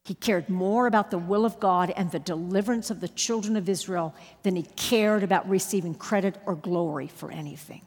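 Husky woman preaching in a reverberant hall. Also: lowish voice, fairly quick, few pauses. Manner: emphatic storytelling with sudden loud rises. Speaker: Bible teacher. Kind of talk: sermon with personal story.

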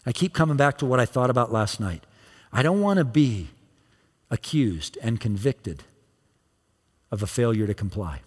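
A man's voice: mid-range voice, animated, normal speed, long pauses, breathy edge, in a large hall. A male pastor preaching a sermon, emphatic, repeating phrases for emphasis.

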